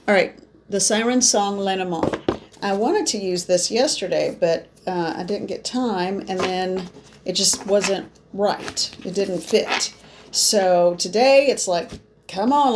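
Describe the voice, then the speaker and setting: A woman's voice: medium pitch, darkish tone, slight background noise. A woman psychic reader talking viewers through a card reading, musing aloud as she lays out cards. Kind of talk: spoken tarot reading to viewers.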